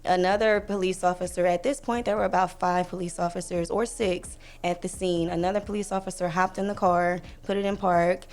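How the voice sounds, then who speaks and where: A young woman telling a personal story on a podcast in a casual way, acting out the people in it with lively quoted lines. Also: fairly low pitch, a little fast, few pauses, soft background music. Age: young adult. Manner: animated retelling, acts out voices, fillers. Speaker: podcast guest.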